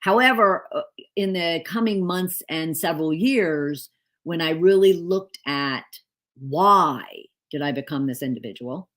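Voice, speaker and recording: A woman's voice: deep voice, unhurried, fairly bright tone. A middle-aged woman, an author and leadership coach, telling a personal story candidly, with many fillers and self-corrections. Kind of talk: casual storytelling monologue.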